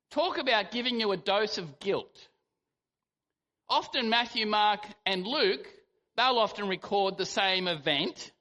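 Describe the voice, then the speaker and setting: Preacher telling a bible story, bright sharp voice, lots of hall echo. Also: mid-range voice. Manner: animated storytelling with acted-out quotes. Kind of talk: sermon. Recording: long hall reverb.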